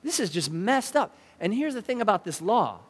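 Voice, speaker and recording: A man preaching a sermon in a conversational, animated way, often putting questions to the listeners. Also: high-pitched, normal speed, slightly rough. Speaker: pastor. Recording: long reverb of a large hall.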